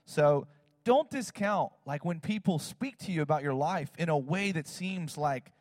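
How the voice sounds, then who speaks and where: A man, a pastor, telling a personal story in a sermon, animated and acting out what people said. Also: on the high side, unhurried, clean studio sound. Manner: animated, acts out quotes in other voices, fillers like "like" and "you know". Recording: long hall reverb.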